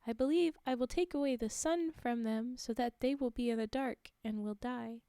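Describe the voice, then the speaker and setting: A woman's voice: fairly high pitch, normal speed, dark tone, dry recording, clean studio sound, natural voice. A woman reading the lines of Raven, a stern trickster creator spirit in a folktale, in near her own voice.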